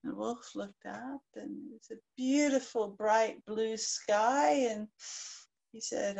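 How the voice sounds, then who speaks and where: A woman's voice: a little high, takes it slowly, vocal fry, breathy edge. Woman telling a story with expression. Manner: lively and expressive. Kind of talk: live oral storytelling.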